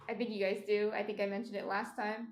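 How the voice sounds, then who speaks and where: A woman's voice: mid-range voice, lively intonation, moderate pace, a little mellow. Chatty New Jersey woman baking live. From New Jersey, USA. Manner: chatty, talks to her chat, trails off with ums. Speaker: baking streamer. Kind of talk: casual live-stream chat while baking. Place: home indoors near kitchen. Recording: roomy echo.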